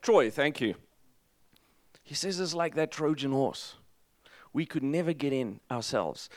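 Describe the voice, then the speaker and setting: A man preaching a sermon as pastor, energetic and emphatic, with jokes to the congregation. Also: a little high, a little slow, no echo.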